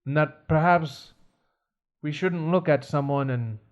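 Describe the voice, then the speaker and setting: A man's voice: on the high side, measured pace, lo-fi sound, close to an everyday voice. A man playing a courteous aging flight attendant in a fancy put-on voice during an improv scene. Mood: gentle. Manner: gentle and courteous. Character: aging male flight attendant, kind, proper.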